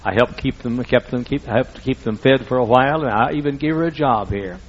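A man's voice: medium pitch, brisk, dull audio, a little hiss or hum. A man preaching a sermon as pastor, telling folksy stories with emphatic repetition.

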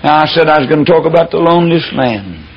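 A man's voice: fairly high pitch, expressive, fast talker, husky. A man preaching a sermon, telling the story in a folksy, fiery way. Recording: dull lo-fi recording.

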